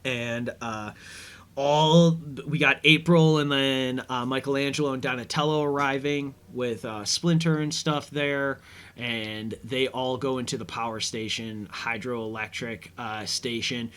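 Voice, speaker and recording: A man's voice: medium pitch, steady tone, measured pace, a bit bright, smooth. A man hosting a casual episode commentary, rambling easygoing with lots of fillers. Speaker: podcast host.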